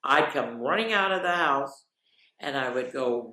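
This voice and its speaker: A woman hosting a children's story time, talking to kids in a lively, expressive way. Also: rumbling low, a little slow. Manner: animated, expressive, addressing kids directly. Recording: roomy echo.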